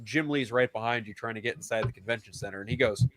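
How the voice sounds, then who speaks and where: A man's voice: medium pitch, quick pace, a little hiss or hum. A man casually telling a convention story on a live stream, swearing freely. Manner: casual, swears often, builds to excited disbelief. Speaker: streamer panel guest.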